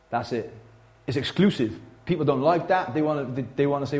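A man preaching in a church, talking to the congregation in a casual, conversational way. His delivery is animated, and his voice rises loud and then drops to near hush. His pitch sits in a plain middle range for a man. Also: brisk. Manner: conversational, animated preaching with big swings in loudness. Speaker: pastor. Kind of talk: sermon.

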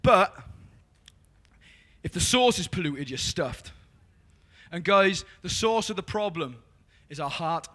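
Welsh male preacher, high sharp voice, lively and jokey, loud calls then quiet confiding. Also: a little slow. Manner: energetic and joking, swinging from loud calls to soft confiding. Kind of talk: lively evangelistic sermon.

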